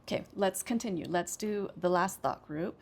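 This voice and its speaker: A woman's voice: lowish voice, moderate pace. An American woman teaching English pronunciation, explaining sentence stress step by step and repeating example sentences with careful emphasis.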